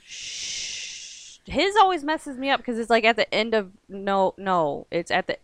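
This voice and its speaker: A young woman co-hosting a podcast, telling stories in a giggly, animated way. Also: on the high side, a little slow, no room sound. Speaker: podcast co-host. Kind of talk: casual chat.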